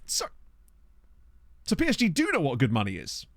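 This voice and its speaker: A man's voice: normal speed, gravelly, no room sound. A man casually commentating a football management game on a stream, thinking aloud with a chatty manner. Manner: chatty, thinking aloud, animated pitch swings. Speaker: gaming streamer. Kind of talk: casual let's-play commentary. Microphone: desk microphone.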